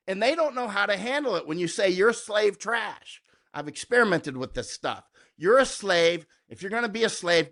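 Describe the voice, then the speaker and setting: A man's voice: high voice, sharp tone. A middle-aged American man, a war correspondent, talking combatively and emphatically in an interview and often tagging his points with "right?". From United States. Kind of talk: conversational interview.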